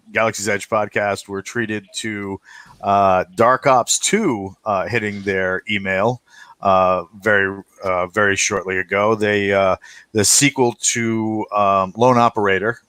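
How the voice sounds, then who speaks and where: A man hosting a podcast in casual group chat, laughing often and filling pauses with many "uh"s and restarts. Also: fairly low pitch, steady tone, fairly bright tone, smooth, no room sound. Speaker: podcast host.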